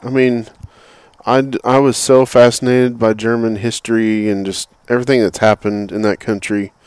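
A middle-aged man in casual conversation, talking haltingly with many fillers and restarts. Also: mid-range voice, flat delivery, a little mellow, smooth, dry recording.

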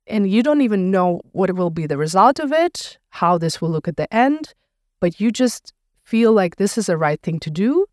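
A woman, a podcast founder interviewed on her own show, telling her story in a relaxed, reflective way with frequent "like" fillers. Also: lowish voice, dry recording, clean studio sound. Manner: reflective storyteller, fills speech with "like". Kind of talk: casual conversational interview.

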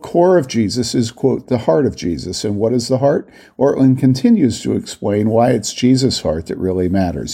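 A man reading aloud a critique of a theology book, slowly reading out long quotations and marking each quote. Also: medium pitch, gravelly, mellow, breathy edge. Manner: reads quotations slowly and deliberately, voicing each quote mark.

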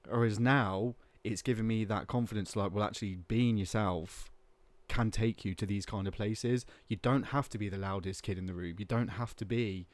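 Dude on a podcast, kinda low voice, rambles with lots of likes, dry sound. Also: male voice, fairly even intonation, moderate pace, no echo. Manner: candid, rambling, lots of "like" fillers. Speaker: podcast guest. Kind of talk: casual chat.

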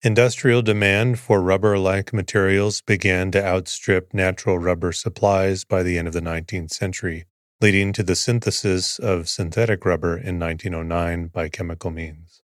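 A man hosting a sleep podcast, reading an article aloud in a soothing, even way to bore listeners to sleep. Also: low-pitched, moderate pace, no echo, clean studio sound. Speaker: podcast host.

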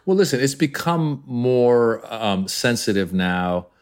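An American man, a comedian, talking in an interview at a middling pitch. He tells his stories animatedly, jumping into other voices along the way. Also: slow, clear, resonant tone. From United States. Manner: animated storyteller, acts out voices. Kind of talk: interview conversation.

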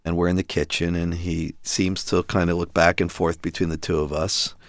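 A middle-aged man, a father, telling his family's story in an animated, emphatic way, acting out what others said. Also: deep voice, normal speed, dry recording, clean studio sound.

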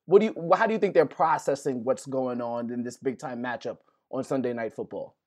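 A man hosting a sports podcast, setting up questions for his guests with halting restarts. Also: mid-range voice, a little mellow. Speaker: podcast host. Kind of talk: interview questions.

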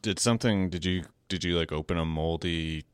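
A man's voice: sits low, a little fast, clear, resonant tone, no room sound. A man co-hosting a casual sports podcast, with a naturally nasal, sinus-blocked voice, teasing and joking. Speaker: podcast co-host.

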